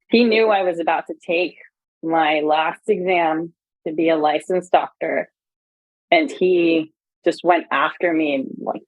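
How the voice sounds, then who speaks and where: A woman guest in a conversational interview, candidly retelling events with many fillers and animated quotes. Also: fairly low pitch, dry recording, phone-quality sound.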